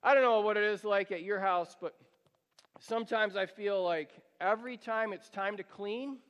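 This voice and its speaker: A man's voice: high voice, normal speed, clean tone. A male pastor preaching a sermon, earnest and pleading, drawing the congregation into reading along. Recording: long hall reverb.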